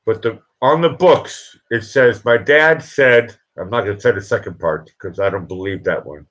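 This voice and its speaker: A man hosting a late-night live stream, emotional and teary, talking in halting, rambling bursts. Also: lowish voice, fairly bright tone. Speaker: livestream host.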